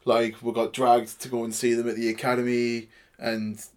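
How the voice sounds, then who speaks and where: A man's voice: mid-range voice, monotone, moderate pace, a little mellow. A man hosting a radio-style music show, chatting casually and joking with his guests. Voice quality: chatty, jokey, swears casually. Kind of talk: casual chat.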